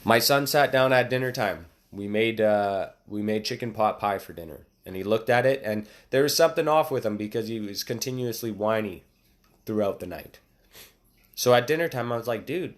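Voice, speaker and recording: A man in his thirties giving a casual motivational talk, with excited, emphatic exclamations. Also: mid-range voice, fairly quick. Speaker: motivational speaker.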